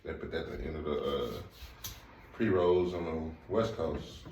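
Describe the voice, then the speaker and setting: A man with a St. Louis accent and a very low voice chimes in on a casual podcast, relaxed and brief. He sits away from the mic in an echoey room. Faint ambient noise hums behind him. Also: normal speed, far from the mic. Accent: St. Louis African American Vernacular English. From St. Louis, USA. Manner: relaxed, short interjections. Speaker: podcast co-host.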